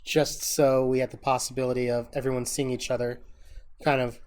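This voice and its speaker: A man's voice: medium pitch, level tone, fairly quick, a little mellow. A man co-hosting a podcast, chatting casually and thoughtfully with his co-host and chat.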